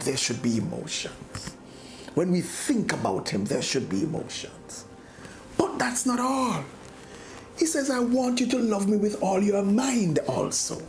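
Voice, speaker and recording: A man preaching a sermon as a bishop, slow and deliberate, rising to emphatic points. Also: fairly high pitch. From Jamaica.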